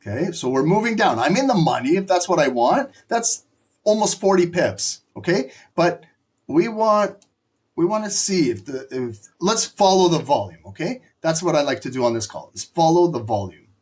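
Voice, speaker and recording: Brief: male live-stream trading host, fairly high voice, excitable and profane play-by-play. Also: normal speed, breathy edge. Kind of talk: live market commentary.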